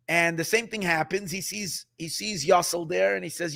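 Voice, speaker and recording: A high-pitched rabbi telling a dramatic tale to his listeners, animated and repeating himself as he builds the scene. He sprinkles in Yiddish words and restarts his sentences. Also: moderate pace, creaky, hardly any pauses. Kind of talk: sermon storytelling.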